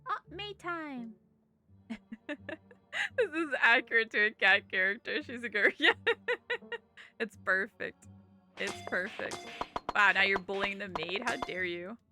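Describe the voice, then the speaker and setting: A woman's voice: mid-range voice, lively intonation, a little slow, long pauses, sharp tone, soft background music. A woman streamer chatting casually while playing a visual novel, giggling often and reading game text aloud. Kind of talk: casual gaming commentary.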